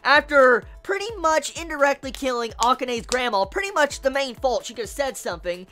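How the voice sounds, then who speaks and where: A woman's voice: high-pitched, lively intonation, fairly quick, a bit bright, soft background music. A woman reviewing an anime episode in a profane, exasperated rant, often stumbling over and repeating her words.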